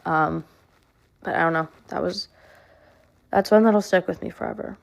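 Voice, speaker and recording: A young woman telling a personal story to camera in a flat monotone, halting and full of fillers. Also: fairly low pitch, gravelly. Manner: halting, with many fillers and restarts. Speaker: social media creator.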